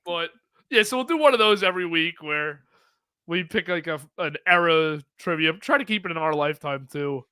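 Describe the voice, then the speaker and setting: A man's voice: on the high side, animated, moderate pace, sharp tone, clear, resonant tone, dry recording, studio quality. A man co-hosting a baseball podcast, teasing and laughing through casual chat. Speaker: podcast co-host.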